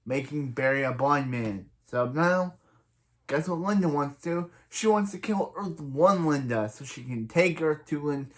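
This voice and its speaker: A man reviewing a TV episode in a casual recap, rambling through scenes and retelling them with lots of filler. He quotes the characters in his own everyday voice. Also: medium pitch. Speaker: TV show reviewer.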